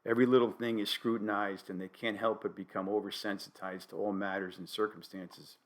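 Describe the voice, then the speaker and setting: An older man from New Haven, Connecticut, with a New England accent, hosting a solo podcast with dry, wry, deadpan humor. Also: fairly low pitch, fairly quick. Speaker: podcast host.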